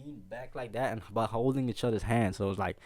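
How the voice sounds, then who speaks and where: Lively low-voiced storyteller. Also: male voice, fast. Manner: animated, laughing, slangy, frequent "bro" and "see what I'm saying". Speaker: vlogger. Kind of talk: casual storytelling.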